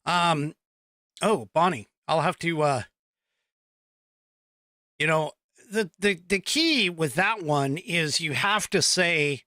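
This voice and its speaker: A man's voice: fairly high pitch, slow pace, long pauses, pushed and bright, no echo, studio quality. A man hosting a political talk show, giving opinionated commentary with mocking asides and frequent laughs. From United States. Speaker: podcast host.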